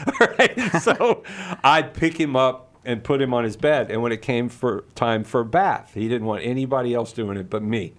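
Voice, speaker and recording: A man's voice: medium pitch, expressive, normal speed, a bit bright. Earnest middle-aged guy telling a family story, gets passionate, repeats himself. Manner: earnest, passionate, repeats words when stirred. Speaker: Catholic speaker. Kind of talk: personal story and moral argument.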